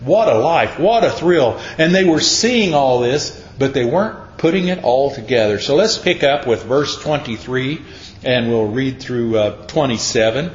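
A man's voice: expressive, unhurried. A man preaching a sermon, telling Bible stories in a folksy, storytelling way. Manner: folksy storytelling, acts out voices. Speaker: pastor. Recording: echoey lo-fi room with faint rumble.

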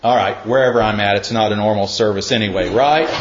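A man's voice: on the low side, moderate pace, a crowd in the background. A middle-aged male pastor telling a self-mocking story in a sermon, acting out the dialogue in a folksy way. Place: church. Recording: echoey room, dull lo-fi sound.

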